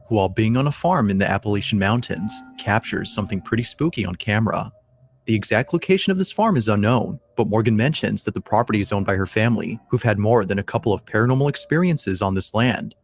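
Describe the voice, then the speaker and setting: A man narrating a compilation of scary videos in a steady, measured, scripted storytelling voice. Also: fairly low pitch. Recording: faint music underneath.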